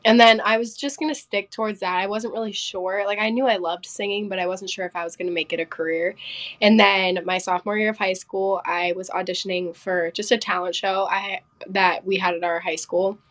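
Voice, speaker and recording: A woman's voice: mid-range voice, steady tone, fairly bright tone. Chatty young woman singer telling stories. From Pennsylvania, United States. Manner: chatty, quick storytelling with many fillers. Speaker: singer and podcast guest. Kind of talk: casual interview chat.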